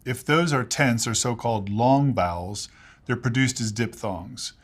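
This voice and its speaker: A man explaining English pronunciation in a lesson, measured and precise, giving spoken examples. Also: medium pitch, slightly rough.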